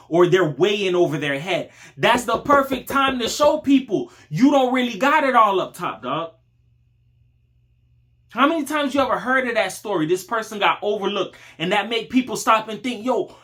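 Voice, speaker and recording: A man's voice: sits high, fairly bright tone. A man hosting his channel, giving a casual motivational talk in slangy street speech, calling the listener dog and bro. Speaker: channel host.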